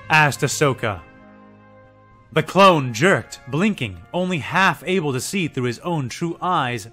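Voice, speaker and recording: A man with a fairly high voice reads scripted story narration at a measured pace. Quiet music runs beneath him throughout, giving a produced audio-drama feel. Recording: faint background music. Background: faint music.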